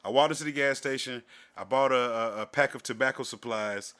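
A man co-hosting a casual podcast, telling a profane story with lots of energy and getting louder and higher as he gets worked up. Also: fairly quick. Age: adult with a wife, working age. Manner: animated, profane storytelling, gets loud and high when worked up. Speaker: podcast co-host.

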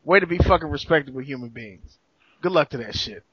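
A man's voice: fairly high pitch, animated, a little fast, breathy edge, dry recording, lo-fi sound. A man co-hosting a casual podcast, trading joking, profane banter. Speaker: podcast co-host. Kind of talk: casual chat.

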